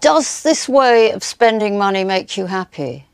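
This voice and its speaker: A woman's voice: mid-range voice, animated, a little slow, gravelly, clear, resonant tone, dry recording. A British woman presenting a documentary, putting direct, pointed questions to her guest. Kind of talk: probing documentary interview.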